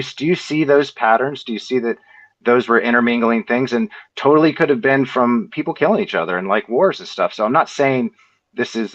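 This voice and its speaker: A man asks long, winding questions, searching for the right words as he goes. His pitch is ordinary for a man. The audio is dull and lo-fi, like a call recording. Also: fairly bright tone. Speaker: discussion participant. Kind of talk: casual discussion.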